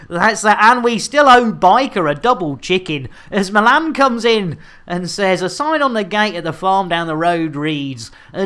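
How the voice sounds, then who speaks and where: A woman hosting a live game stream, bawdy and giggly, getting flustered and stammering as she reads out shout-outs. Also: mid-range voice.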